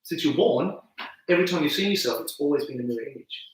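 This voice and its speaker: A man's voice: a little high, expressive, quick pace, very echoey, recorded from a distance, a crowd in the background, rough recording. A man explaining on-camera video tips as an interview guest, acting out reactions with gasps and laughs. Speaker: video campaign founder, guest.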